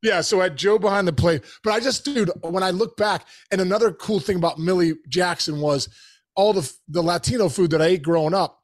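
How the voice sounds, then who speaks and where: Excitable man telling a story. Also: high voice, a little fast. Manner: animated, talks in bursts with many restarts and "bro", "dude". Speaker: podcast host telling a story. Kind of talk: casual storytelling.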